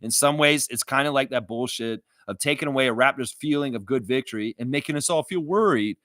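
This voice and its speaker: A man's voice: medium pitch, brisk, no room sound. A man hosting a live sports reaction stream, ranting with lots of swearing over a close, dry mic. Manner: animated, profane, ranting. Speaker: livestream reaction host.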